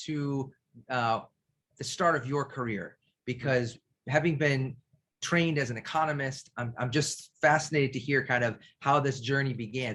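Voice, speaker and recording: A man's voice: medium pitch, a bit bright. A man hosting a podcast, chatting with his guest and asking him questions in a conversational way. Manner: conversational, affirming, leads with questions. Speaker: podcast host. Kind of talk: podcast interview.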